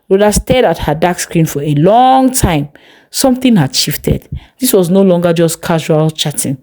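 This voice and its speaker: A woman narrating a scripted story in a measured, gently expressive way. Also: fairly low pitch. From Nigeria.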